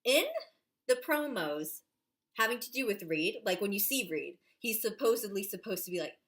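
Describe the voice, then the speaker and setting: A woman in a casual reaction vlog, gushing and excitable about an episode, full of "like" fillers. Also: medium pitch, normal speed. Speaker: vlogger reviewing a TV episode.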